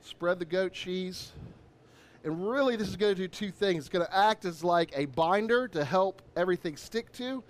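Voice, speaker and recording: Male chef, upbeat and chatty, high-pitched, cooking demo host. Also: normal speed. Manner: upbeat, chatty, lots of shout-outs.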